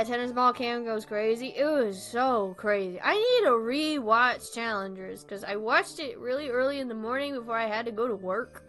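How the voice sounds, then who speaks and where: A young woman chatting casually about movies on a stream, excitable, laughing often and swearing freely. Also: a little high.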